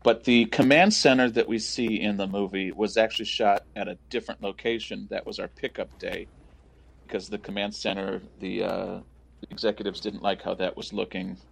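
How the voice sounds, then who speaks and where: Gravelly, low-voiced man sharing film trivia. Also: normal speed. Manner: relaxed, explains behind-the-scenes details. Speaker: guest filmmaker. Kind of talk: casual film commentary.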